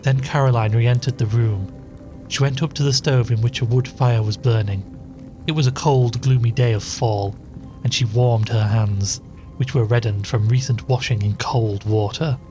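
A man narrating a classic short story with an even, measured reading. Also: mid-range voice, muffled recording, over music.

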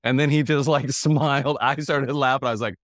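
A man's voice: mid-range voice, fairly even intonation, a little fast, fairly bright tone, dry recording, studio quality. A man in his fifties hosting a podcast, talking in a jovial, rambling way and laughing often. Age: 50s. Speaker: podcast host. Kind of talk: conversational interview.

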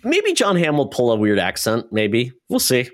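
A man co-hosting a casual podcast, easygoing and quick with a joke. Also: mid-range voice, huge pitch swings. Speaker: podcast co-host. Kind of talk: casual chat.

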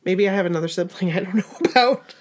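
A woman's voice: mid-range voice, fairly quick. A middle-aged woman co-hosting a podcast, chatting casually and laughing often. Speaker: podcast co-host. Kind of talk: casual chat.

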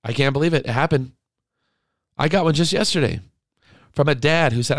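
A man's voice: fairly high pitch, brisk, long pauses, no room sound, studio quality. A middle-aged man hosting a podcast, talking in an impassioned monologue that is indignant, emotional and pleading. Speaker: podcast host.

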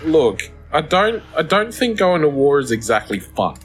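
Man, podcast co-host, sarcastic, joking, animated pitch. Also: normal speed, husky. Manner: joking, dry sarcastic banter. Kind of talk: casual chat.

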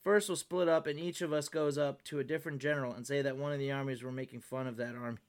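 A man's voice: mid-range voice, fairly even intonation, fast, a little hiss or hum, natural voice. A man voicing Mike, a scheming monkey who leads the team, speaking like an earnest planner in a homemade storybook reading. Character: scheming male monkey leader, easily annoyed.

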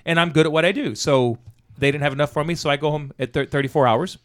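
Quick-talking guy, swears a lot, telling a work story to a buddy. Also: fairly high pitch, smooth. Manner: profane, animated anecdote-telling with quoted dialogue. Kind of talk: casual storytelling chat.

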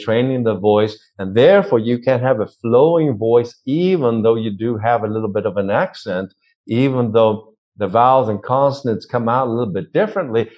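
A man's voice: medium pitch, darkish tone, lo-fi sound. A man from Sweden with a Swedish accent, a vocal coach explaining voice technique in an interview and demonstrating sounds aloud.

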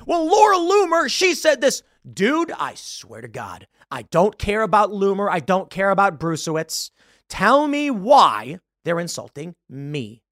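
Brief: male podcast host in his 30s, lively pitch, dry close sound, animated ranting commentary. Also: vocal fry, no room sound. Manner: animated, ranting, mocking put-on voices. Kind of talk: political commentary rant.

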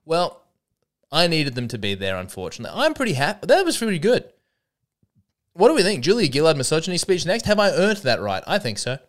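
A man's voice: on the high side, wildly swooping pitch, brisk. A man hosting a solo comedy podcast, rambling and self-mocking with frequent restarts and asides.

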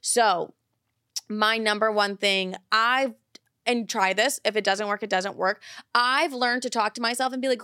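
A woman's voice: on the high side, normal speed, sharp tone, no room sound, studio quality. A young woman hosting an advice show, giving blunt, profane, emphatic advice in a casual way. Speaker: advice podcast host.

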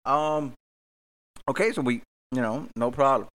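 A male podcast host spins a casual story, rambling and profane. He mocks himself as he goes, in an average-pitched voice. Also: measured pace, fairly bright tone. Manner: rambling, profane, self-mocking.

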